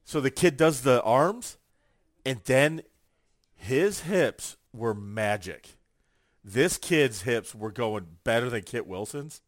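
On a casual chat show, a male co-host with a mid-range voice tells lively stories and acts out quotes from other people. The sound is studio quality, free of echo.

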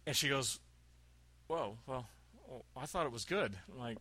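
A man's voice: medium pitch, animated, a little slow, bright, forceful tone, dry recording. A man chatting casually on a podcast, telling a long story with laughs and acted-out quotes. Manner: rambling, laughing, acts out quotes.

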